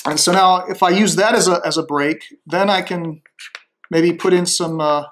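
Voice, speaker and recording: A man thinking aloud as he slowly works through a demonstration, tentative and musing, with frequent restarts. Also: high voice, fairly even intonation, fairly bright tone.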